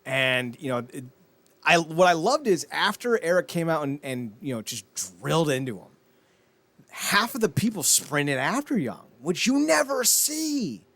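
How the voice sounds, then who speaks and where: A man co-hosting a podcast, excitable and mocking in casual chat. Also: on the high side, dry recording. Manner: excitable, mocking, quick to laugh. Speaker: podcast co-host.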